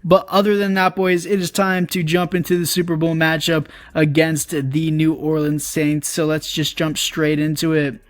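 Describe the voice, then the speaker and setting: A man's voice: a little high, flat delivery, moderate pace, few pauses, no echo, clean studio sound. A young man giving casual, chatty commentary over a video game as a YouTuber, talking to his viewers. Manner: chatty, upbeat, addresses viewers as boys. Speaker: gaming YouTuber.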